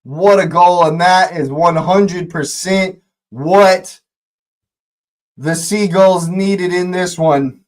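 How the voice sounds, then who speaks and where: A man hosting a live fan watch-along, calling the match as it happens and shouting at the big moments. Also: high-pitched, slow pace.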